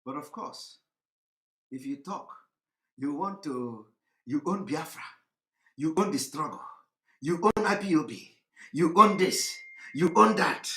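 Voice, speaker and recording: A high-pitched man delivers heated political commentary in a repetitive, fervent style. His bright, forceful voice swells into shouts. The echoey room gives it a hollow ring. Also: expressive, unhurried, long pauses.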